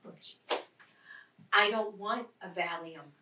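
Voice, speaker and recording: An actress playing a frazzled city wife whose home was just robbed, snapping back with sharp, exasperated retorts in a stage play. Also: female voice, medium pitch, slow, slight background noise. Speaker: stage actor. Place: theatre stage. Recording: roomy stage sound from a distant mic.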